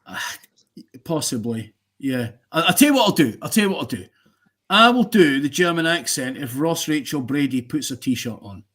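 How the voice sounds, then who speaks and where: A man's voice: fairly high pitch, animated, normal speed, a bit bright, breathy edge. A man hosting a casual live stream, giving strong opinions in a rambling way and joking with viewers.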